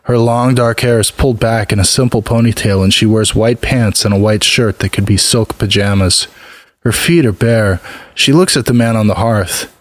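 A man narrating a first-person story in a subdued, even manner. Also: on the low side, normal speed, no room sound.

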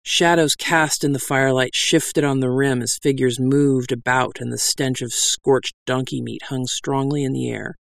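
Gravelly, wry story narrator. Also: mid-range voice, fairly even intonation, moderate pace, few pauses, no echo. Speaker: audiobook narrator.

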